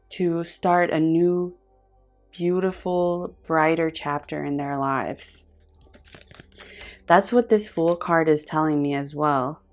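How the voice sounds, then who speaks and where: A woman giving a pick-a-card tarot reading in an earnest, effusive way, pausing often and restarting her sentences as she reaches for words. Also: low voice. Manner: earnest, effusive and intuitive, with frequent pauses and restarts. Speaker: tarot reader.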